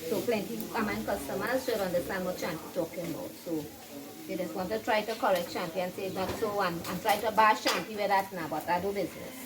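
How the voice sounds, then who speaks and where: A talkative woman walks viewers through her cooking, keeping up an easy chat and tagging "right?" onto her sentences. She stands some distance from the camera mic. Loud frying and sizzling from the pan fill the sound around her voice. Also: mid-range voice, a little fast, very noisy. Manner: chatty, repeats "right?", calls herself by name. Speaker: home cook vlogger. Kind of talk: casual cooking demonstration. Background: sizzling frying food.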